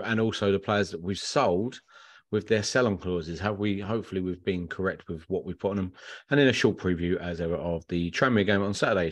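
A rapid-fire man in his thirties co-hosts a casual football chat, his throat a little rough from a cold. His voice sits on the low side and sounds close and dry. He rambles along with frequent uh fillers. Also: no room sound. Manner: chatty, says uh a lot, rambling. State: has a cold, croaky throat. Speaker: podcast co-host.

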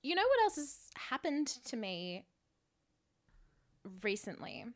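A woman's voice: high voice, sing-song, takes it slowly. A woman in her thirties co-hosting a podcast, telling stories in casual chat, chatty and self-mocking. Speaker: podcast co-host.

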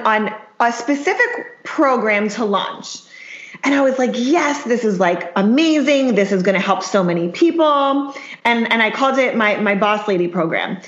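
A woman's voice: fairly high pitch, a bit bright, roomy sound, dull audio. A woman chatting as an interview guest about her business, bubbly and full of "like". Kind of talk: casual interview chat. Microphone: video call.

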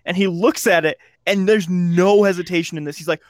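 A man's voice: high-pitched, fairly even intonation, fairly quick, no room sound, clean studio sound. A young man co-hosting a podcast, chatting casually and sarcastically, acting out movie lines as he goes. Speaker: podcast co-host. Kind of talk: casual chat.

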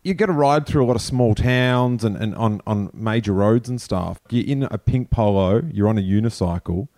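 Male host, low-pitched, dry teasing wit. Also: normal speed, warm tone. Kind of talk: casual radio chat.

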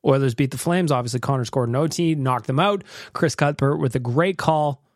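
A man's voice: medium pitch, fairly quick, no echo, studio quality. A man hosting a casual podcast, chatty and rambling, joking as he plays listener voicemails. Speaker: podcast host. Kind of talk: casual chat.

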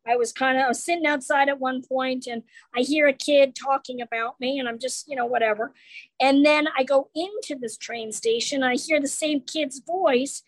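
A woman comedian talks in a relaxed interview, her voice high and bright. She slips into the voices of the people in her stories as she tells them. The sound is dry and close, with no room around it. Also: normal speed, dry recording, rough recording. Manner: animated storyteller acting out quoted people. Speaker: comedian guest. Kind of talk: casual interview chat.

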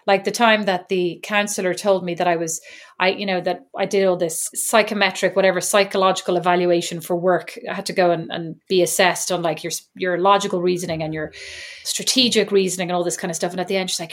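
A woman's voice: lowish voice, steady tone, fast. A woman in her thirties with an Irish accent, co-hosting a podcast in casual, wry, self-deprecating chat. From Ireland. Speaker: podcast co-host.

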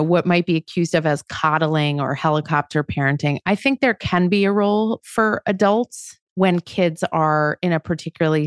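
Casual parenting discussion fills this podcast, where a middle-aged female co-host works through questions conversationally. She's low-pitched, and the sound is clean studio audio with no echo.

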